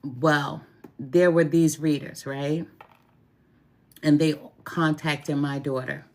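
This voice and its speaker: A middle-aged woman who reads tarot and does root work chats casually to the camera, warm and sincere, repeating phrases to drive her point home and openly expressing gratitude. Her voice is low, steady, and a touch mellow, and she speaks slowly.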